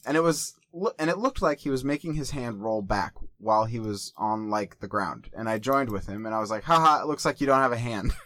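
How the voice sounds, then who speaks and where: A man's voice: mid-range voice, brisk, few pauses, sharp tone, no room sound. A man co-hosting a casual comedy podcast, reading listener stories aloud and trailing off mid-thought.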